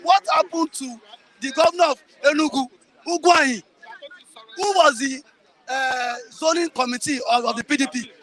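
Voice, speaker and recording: A Nigerian man arguing politics forcefully, talking over others and repeating himself. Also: extremely high pitch, moderate pace, some chatter behind. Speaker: interviewee. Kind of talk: heated political argument.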